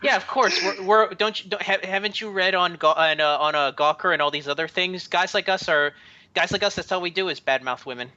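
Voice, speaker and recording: A man's voice: high-pitched, a little fast, pushed and bright, highs cut off. A man hosting a casual group chat show, stammering and restarting often and laughing a lot. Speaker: podcast host.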